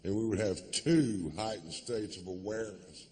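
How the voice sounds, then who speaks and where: A man doing a stand-up comedy routine on stage, with profane, drawling storytelling that builds into loud rants. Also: lowish voice, normal speed. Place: live stage show.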